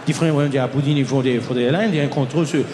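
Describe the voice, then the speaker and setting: A man voicing an older French airport clerk who rambles in halting, broken English with a French accent. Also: medium pitch, fairly even intonation, reverberant, long reverb tail, noisy background, natural voice. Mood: muddled.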